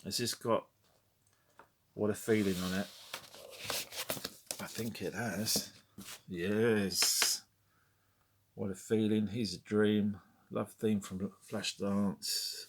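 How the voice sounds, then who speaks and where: Flipping through his records, a middle-aged man talks in a fairly low, fairly even voice, speaking slowly with long pauses. The chat is casual, wry, and meandering, full of muttered comments and bits of sung melodies. The background is noisy.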